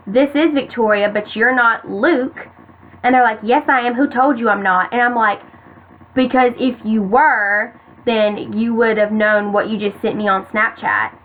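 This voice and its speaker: A woman in her late teens telling a personal story to the camera in casual storytime style, full of "like" and "you guys". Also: a little high. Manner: chatty, many "like"s, keeps addressing "you guys". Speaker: vlogger. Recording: tinny phone-like audio, faint hiss.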